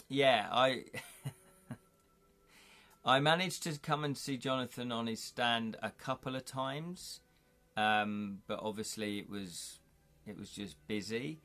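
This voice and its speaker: A middle-aged man from the United Kingdom, hosting a live stream and chatting casually with viewers' comments, jokey and quick to laugh. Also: medium pitch, a bit bright. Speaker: livestream host.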